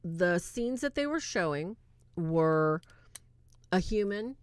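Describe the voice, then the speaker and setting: A woman's voice: lowish voice, expressive, slow pace, clear, resonant tone, no echo. A woman hosting a casual livestream movie review, eagerly retelling scenes and checking in with her chat.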